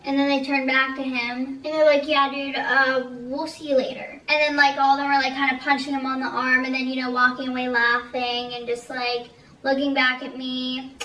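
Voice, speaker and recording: A woman's voice: sits high, flat delivery, a little fast, pushed and bright. A woman telling a storytime vlog in a frank, chatty way and swearing freely. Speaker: storytime vlogger. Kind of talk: casual storytime chat. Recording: roomy, slightly distant, faint noise.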